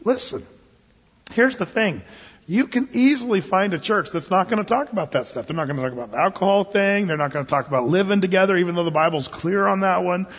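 A man preaches in a folksy, plain-spoken way, restarting his sentences and repeating words. His voice is high and somewhat husky. It echoes with a long reverb and sounds dull and lo-fi. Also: fast talker. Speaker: pastor. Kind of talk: conversational sermon.

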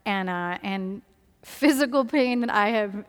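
A woman's voice: medium pitch, unhurried, clean tone, in a large hall. A woman telling a personal testimony in a candid, conversational way, with laughs and many fillers. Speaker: speaker sharing testimony.

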